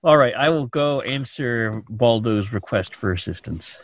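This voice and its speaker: Man, tabletop player, animated intonation, dry close sound, quips. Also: mid-range voice, unhurried, dry recording. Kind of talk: tabletop role-play chat.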